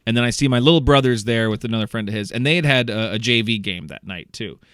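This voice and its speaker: A young man co-hosting a podcast, telling a story in a lively way, acting out the voices of the people in it and laughing often. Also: medium pitch, fast talker, smooth, no room sound, studio quality. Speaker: podcast co-host. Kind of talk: casual storytelling chat.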